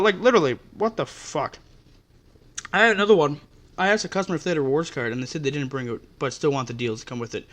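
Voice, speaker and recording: A man's voice: on the high side, lively intonation, quick pace, a bit bright. A man hosting a podcast, telling customer-service stories in an exasperated, profane rant. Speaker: podcast host. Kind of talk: ranting storytelling.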